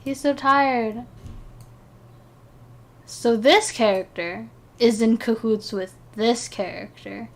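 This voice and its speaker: Slow-talking sleepy young woman streamer. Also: fairly high pitch. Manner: excitable, rambling, giggly, with restarts. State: sleepy, yawning. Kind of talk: casual chat while ranking game characters.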